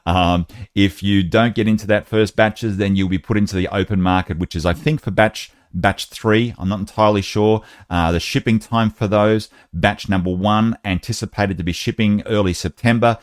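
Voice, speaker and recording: A man's voice: fairly low pitch, fairly even intonation, moderate pace, dry recording, clean studio sound. A man hosting a casual update video, chatty and talking straight to his viewers as guys. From Australia. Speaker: host.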